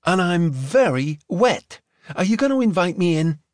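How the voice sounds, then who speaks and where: A male audiobook narrator voicing a blunt young American woman, soaked and tired, who talks deeper and slower than expected. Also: very animated, darkish tone, dry recording, studio quality. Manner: blunt, matter-of-fact. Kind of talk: audiobook character voice.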